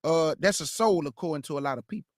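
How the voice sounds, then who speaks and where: A man teaching the Bible, reading verses aloud and breaking off to question them with drawn-out emphasis. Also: fairly high pitch, no room sound, clean studio sound. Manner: reads verse then stops to question it aloud. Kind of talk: street-style scripture teaching.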